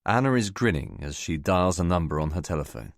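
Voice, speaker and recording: A man narrating a novel in the first person, in a measured storytelling manner. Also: sits low, expressive, no echo, studio quality. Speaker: audiobook narrator.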